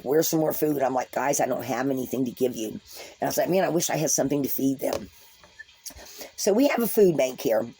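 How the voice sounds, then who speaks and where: A woman vlogger spins a casual story for her viewers in a lowish, mellow voice. Her talk is folksy and rambling, full of restarts and asides.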